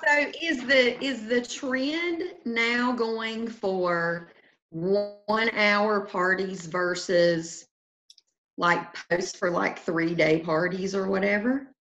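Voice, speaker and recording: A woman on a casual video call, talking slowly with an easy drawl. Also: medium pitch, fairly even intonation, a bit bright, lo-fi sound.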